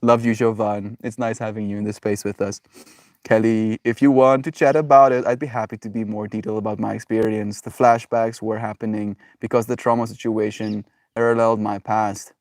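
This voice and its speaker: A man's voice: on the low side, level tone, a little fast, a little mellow, no room sound, clean studio sound. A man live-streaming from home, chatting casually with viewers in a rambling way, full of fillers and frequent laughter. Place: at home with pets.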